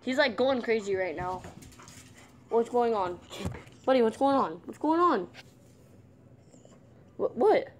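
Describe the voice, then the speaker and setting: A woman's voice: a little high, animated, takes it slowly, pauses often, slight background noise. A young woman vlogging at home in a casual, playful, teasing way. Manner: playful, teasing trash talk. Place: house, indoors and outside.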